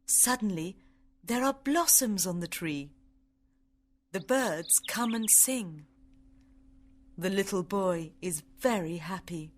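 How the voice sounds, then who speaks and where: A woman reading a simple story aloud with careful, clear delivery for English learners. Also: medium pitch.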